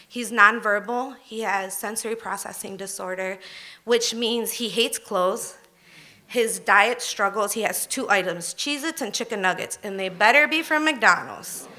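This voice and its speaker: A woman's voice: a little high, sharp tone. A woman in her thirties telling a candid personal story on stage at a live storytelling event, emphatic and conversational.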